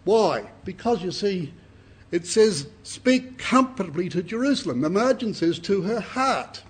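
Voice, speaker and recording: A man's voice: high-pitched, sing-song, measured pace, husky. An older man, giving an earnest, emphatic Bible sermon to a congregation and often repeating his words. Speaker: Bible speaker.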